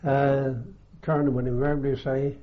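An older man with a halting, unhurried way of talking, full of ums and restarts, recalling his army days in an oral history interview. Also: mid-range voice, little pitch movement. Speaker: veteran interviewee. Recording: dull lo-fi archive tape.

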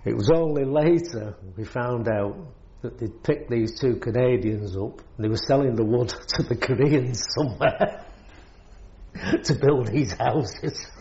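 A man's voice: mid-range voice, measured pace, mellow, muffled recording. An older British man, a war veteran, telling his service stories in a rambling way, chuckling often. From Britain. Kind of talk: oral history storytelling.

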